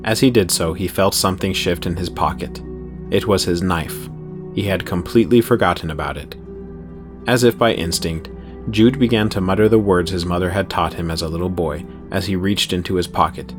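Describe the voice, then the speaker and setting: A man narrating a horror story in steady, measured storytelling. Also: sits low, music in the background.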